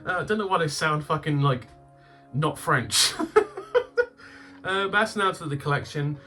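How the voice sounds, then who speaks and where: A man hosting a game-collecting channel, chatting casually as he opens his games, swearing freely and bursting into loud laughter. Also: a little high, unhurried, faint music behind. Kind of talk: casual unboxing chat.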